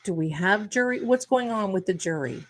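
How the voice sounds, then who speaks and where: A woman's voice: mid-range voice, expressive, moderate pace. A middle-aged woman hosting a live tarot stream, chatting casually and rambling to her viewers, calling them her darlings.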